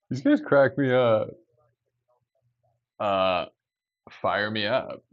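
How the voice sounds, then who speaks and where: A man's voice: lowish voice, no room sound, muffled recording. A man chatting casually with his stream audience, laughing often and swearing freely.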